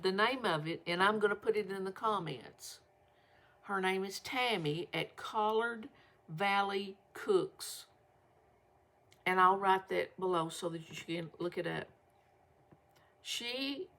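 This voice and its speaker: An older woman chats casually to her viewers. She talks in a folksy, rambling way. Her voice sits on the low side and has a gravelly rasp. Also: fairly bright tone. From Southern United States. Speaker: vlog host.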